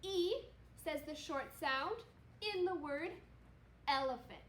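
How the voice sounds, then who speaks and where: Woman, second grade teacher, phonics lesson, encouraging, very slow pace, echoey room. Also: high voice, fairly bright tone. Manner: upbeat, encouraging, stretches out vowel sounds. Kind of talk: slow, repetitive phonics lesson for young children. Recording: echoey room with faint noise.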